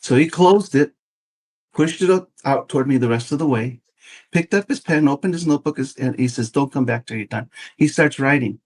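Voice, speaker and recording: Man in his 50s spinning a story on a podcast, animated, does little voices for the people in it. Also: on the high side, brisk. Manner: animated, acts out quoted voices. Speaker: podcast guest. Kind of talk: casual storytelling.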